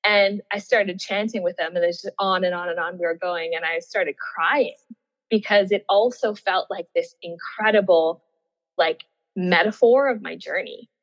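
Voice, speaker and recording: A woman, a former Olympian, telling her story in a casual interview. She is animated, laughs often and acts out what she was thinking at the time. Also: on the low side, normal speed. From Australia. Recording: dull, muffled audio with long reverb.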